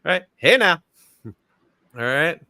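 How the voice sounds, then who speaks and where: A man's voice: fairly high pitch, big pitch swings, slow pace, bright, forceful tone, no echo, studio quality. A man hosting a casual livestream, chatty and upbeat, laughing often and greeting viewers in the chat by name. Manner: laughs often, fillers like "you know what I'm saying". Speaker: livestream host.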